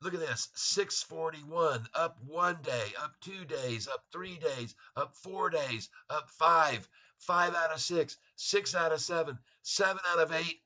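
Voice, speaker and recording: Bright-voiced man taunting short sellers. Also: on the high side, a little slow. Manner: taunting, laughs often, reads out prices. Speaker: stock market livestream host. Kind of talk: live market commentary.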